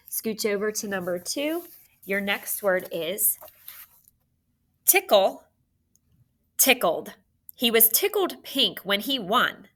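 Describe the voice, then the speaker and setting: A woman teacher giving a phonics spelling lesson, dictating words and slowly spelling out letters for young students. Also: mid-range voice, fairly bright tone.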